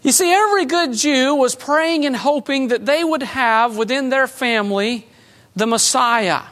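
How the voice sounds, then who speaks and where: High-voiced woman preaching a sermon. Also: measured pace. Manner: conversational preaching with light humor; emphatic, swings between loud and soft.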